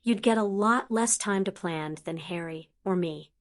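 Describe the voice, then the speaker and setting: A woman's voice: mid-range voice, measured pace, natural voice. A woman doing an easygoing teenage boy.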